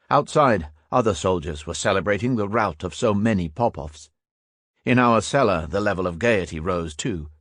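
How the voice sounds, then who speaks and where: Deep-ish guy reading an audiobook, dead dry sound, no room at all. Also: expressive, normal speed, fairly bright tone, no room sound. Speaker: audiobook narrator. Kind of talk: scripted narration.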